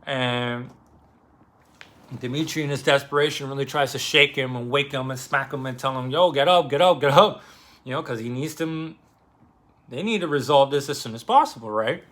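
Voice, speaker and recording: Casual male book vlogger, mid pitch, bright and forceful, loose and profane. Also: normal speed. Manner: loose and animated, many fillers and swearing. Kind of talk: casual retelling of a novel.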